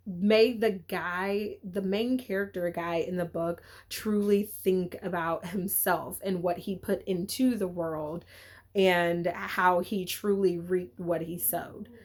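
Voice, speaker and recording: A woman chatting casually in a book wrap-up video, animated and excitable, with frequent restarts and exclamations. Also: mid-range voice, creaky. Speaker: book vlogger.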